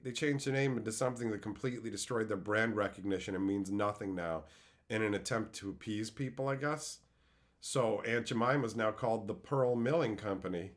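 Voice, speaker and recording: A man's voice: medium pitch, fairly bright tone. A young man streaming and answering chat in a crude, profane, mocking way, ranting and laughing at his own jokes.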